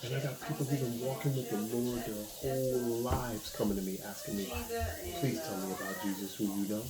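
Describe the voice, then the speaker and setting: A man preaching informally, talking straight to one listener as he urges him on. His voice sits at an ordinary pitch, and the sound rings off the walls of an echoey room with a crowd audible behind him. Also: steady tone, fairly quick. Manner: conversational, exhortative, speaks straight to a listener. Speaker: pastor.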